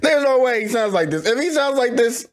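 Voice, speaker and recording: A man's voice: very high voice, lively intonation, a little fast. A young man hosting a reaction video, chatting casually in a rambling, slangy way with laughing asides. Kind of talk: casual chat.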